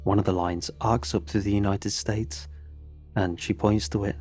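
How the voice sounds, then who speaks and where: A man with a low, mellow voice narrates a horror story in a steady, measured way. Soft music plays faintly under his words. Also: breathy edge.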